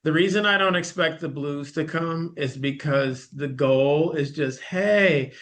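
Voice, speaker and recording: A man in his forties, a podcast guest, chatting casually and telling expressive, animated stories. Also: fairly high pitch, measured pace. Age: 40s. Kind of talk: casual conversation.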